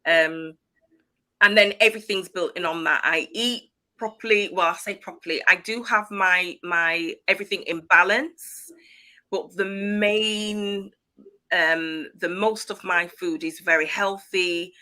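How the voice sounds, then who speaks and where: A middle-aged woman from Leeds, speaking as a guest in a casual interview, calm and reflective, with light giggles. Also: lowish voice, a little slow. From Leeds, West Yorkshire, England.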